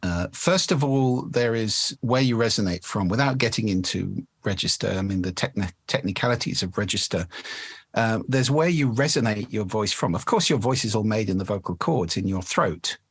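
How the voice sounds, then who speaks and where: Low, husky man explaining voice technique. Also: expressive, moderate pace, dry recording. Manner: demonstrative, shifts resonance to show voice placement. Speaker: guest speaking coach. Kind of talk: podcast interview, explanatory.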